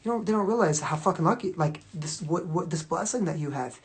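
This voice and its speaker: A woman's voice: on the low side, a little fast, few pauses. A woman talking casually to viewers on a phone livestream, rambling and swearing freely with constant fillers. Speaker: livestream host.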